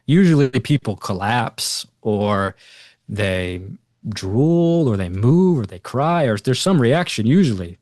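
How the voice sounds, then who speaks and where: A slow-paced man with a medium pitch, recorded in studio quality without echo. Guesting on a podcast, he tells a personal story conversationally, acting out other people's quoted lines in a lively way and leaning on lots of fillers.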